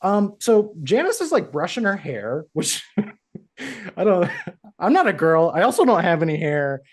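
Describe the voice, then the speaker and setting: Animated man retelling a plot with quoted voices. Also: high-pitched, measured pace, slightly rough. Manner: animated, acts out characters' lines while retelling. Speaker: podcast co-host. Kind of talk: casual podcast recap chat.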